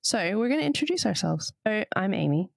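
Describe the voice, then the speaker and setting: A woman in her thirties with a mixed international accent hosts a podcast in a relaxed, chatty way. Her pitch bounces up on lively moments and she laughs easily. The sound is dry and close. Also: a little fast, vocal fry, no echo. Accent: mixed international, Papua New Guinea upbringing. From Australia. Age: 30s. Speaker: podcast co-host. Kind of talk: casual chat.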